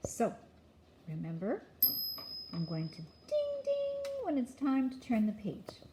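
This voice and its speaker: An older woman, a grandmother, gently reading a picture book aloud to a child with chatty asides. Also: medium pitch, lively intonation, unhurried, noisy background.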